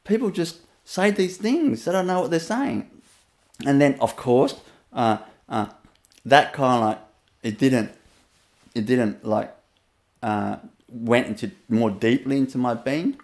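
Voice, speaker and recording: A man's voice: mid-range voice, animated, unhurried, long pauses. A man with a Vietnamese accent gives a rambling, storytelling webinar talk as a spiritual teacher, laughing often and leaning on fillers.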